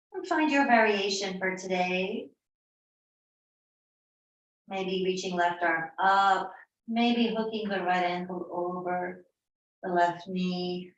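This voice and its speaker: Woman yoga teacher, very slow and calming delivery, live-streamed from a far mic in an echoey room. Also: medium pitch, lo-fi sound. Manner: slow, soothing, unhurried cues. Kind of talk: live yoga class instruction.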